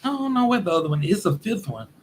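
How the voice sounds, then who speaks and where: A man vlogging in casual commentary, telling stories in an animated way and acting out quotes as he goes. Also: sits high, very fast, breathy edge. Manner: animated storytelling with acted-out quotes.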